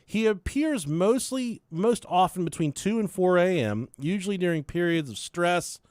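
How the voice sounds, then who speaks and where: This young man speaks in a fairly high voice as he tells a rambling podcast story, swearing freely and chuckling at his own tale. The sound is dry and close, with no room around it. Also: lively intonation, normal speed, darkish tone, no room sound. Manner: loose, profane, laughs through his own story. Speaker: podcast host. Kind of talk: casual storytelling chat.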